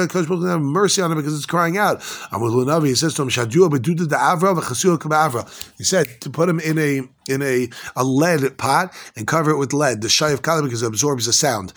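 Man, rapid excitable Talmud teacher, slightly high voice. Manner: rapid, excitable, mixing Hebrew and Aramaic with English. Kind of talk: Talmud class, translating Aramaic into English.

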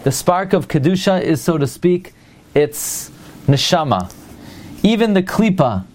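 A man teaching a Torah class. He asks rhetorical questions and pauses with fillers while he looks for the next word. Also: on the high side, big pitch swings, darkish tone.

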